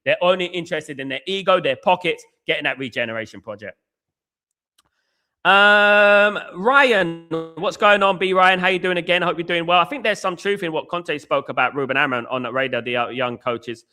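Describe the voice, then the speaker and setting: A man's voice: a little high, normal speed, pushed and bright, faint music behind. A young British man hosting a football fan live stream, ranting at length and reading out viewer comments. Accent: British English. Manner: ranting, repetitive, frequently says "at the end of the day". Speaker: football podcast host.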